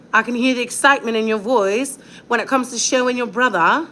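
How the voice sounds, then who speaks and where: A woman's voice: a little high, a little fast, hardly any pauses, a bit bright. A woman who is a mother vlogging from home at night into a phone, ranting in an emphatic, repetitive and defiant way. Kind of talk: home vlog rant. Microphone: phone on a ring light setup.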